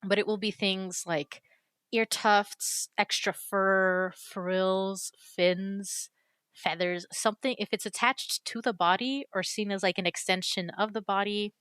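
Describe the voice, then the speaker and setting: Chatty, enthusiastic woman with a smooth voice. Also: mid-range voice, fairly even intonation, measured pace, a bit bright, dry recording. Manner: chatty and enthusiastic, with fillers and self-corrections. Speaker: YouTuber reviewing a game character creator. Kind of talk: casual screen-recorded commentary.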